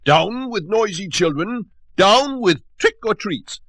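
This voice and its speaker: A man voicing a furious, blustering rich old man in a storybook reading, shouting and thundering. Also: sits high, lively intonation, slow pace, no echo, studio quality, pitched above the performer's own voice, exaggerated voice. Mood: ranting. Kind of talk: storybook read-aloud.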